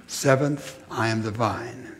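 A man preaching a sermon in a measured, reflective way, pausing between short phrases. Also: medium pitch, slight background noise.

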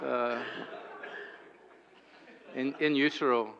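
A man's voice: mid-range voice, steady tone, extremely slow, vocal fry, a crowd in the background. A Scottish man in his sixties giving a talk as a guest speaker at a church, with a dry, self-deprecating humor and frequent hesitant fillers. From Scotland. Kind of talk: humorous lecture at a church gathering. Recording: dull lo-fi recording.

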